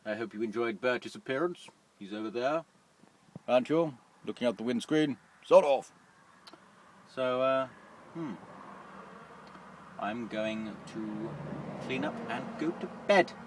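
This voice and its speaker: A man's voice: medium pitch, measured pace, long pauses, recorded from a distance, a little hiss or hum. A man, a lorry driver chatting wryly through a casual cooking vlog from his cab. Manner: chatty, self-deprecating, wry.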